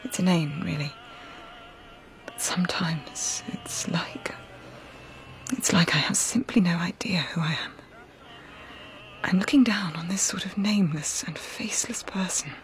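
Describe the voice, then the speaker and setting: An actress playing a lonely, self-doubting woman who speaks in a hushed, halting half-whisper. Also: lowish voice, lightly acted. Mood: wistful.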